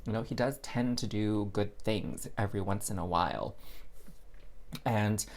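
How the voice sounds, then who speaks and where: A man's voice: lowish voice, measured pace. A man giving a casual, chatty tarot reading, talking straight to his listeners like friends. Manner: chatty and expressive, addresses listeners as girl and y'all. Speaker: tarot reader.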